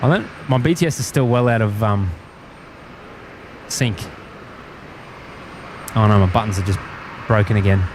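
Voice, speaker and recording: A man's voice: lowish voice, expressive, normal speed, long pauses. Australian man, casual live-stream host, laid-back, chuckles often, outdoors, faint traffic hum behind. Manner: easygoing, rambling, chuckles often. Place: outdoors at a plane-spotting spot by an airport.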